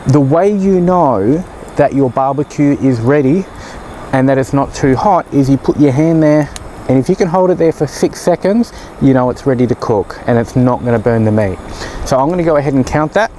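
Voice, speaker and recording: Man, cooking show host, casual and encouraging, mellow tone, outdoor grill, faint ambient noise. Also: mid-range voice, moderate pace, poor audio. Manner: joking, chatty, encouraging. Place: outdoors by a barbecue.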